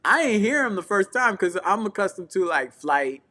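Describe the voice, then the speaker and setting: A man tells a travel story on his couch, bright and slightly high-voiced. He talks loose and slangy and acts out the people he met. It sounds like a relaxed co-hosted talk show. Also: normal speed. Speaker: podcast co-host and traveling preacher. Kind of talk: casual storytelling chat. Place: home couch.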